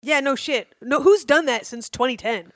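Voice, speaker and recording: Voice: high-pitched, normal speed, a bit bright, dry recording, clean studio sound. Blunt, sarcastic podcast co-host ranting. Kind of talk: casual comedic chat.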